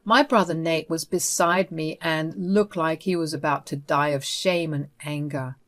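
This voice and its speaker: A woman narrating a first-person story in an even, steady reading voice. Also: medium pitch.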